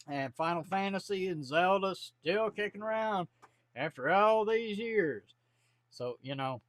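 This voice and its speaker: Speaking from his home office, a vlogger in his 40s delivers a casual monologue to camera in a blunt, folksy manner. His voice sits high and a bit bright, with no room sound.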